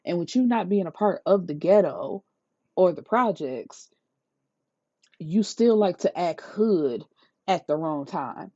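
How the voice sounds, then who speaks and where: A woman reviewing a book in a casual rant, retelling the plot in an incredulous, profane, lively way. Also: on the low side, slow pace, dry recording. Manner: incredulous, profane, animated storytelling. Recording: slightly dull lo-fi sound, dry.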